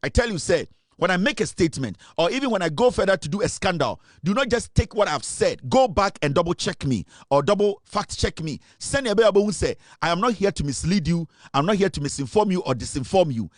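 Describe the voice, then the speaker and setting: A man with a Ghanaian accent giving a forceful political commentary monologue, switching between English and Twi. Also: high-pitched, very animated, fairly quick, hardly any pauses, dry recording, clean studio sound.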